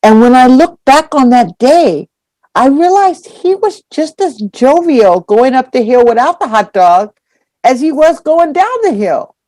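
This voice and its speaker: Slow-spoken woman telling a dharma story. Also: sits high, no room sound. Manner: lively anecdotal storytelling with acted-out quotes. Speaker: dharma teacher. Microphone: online call.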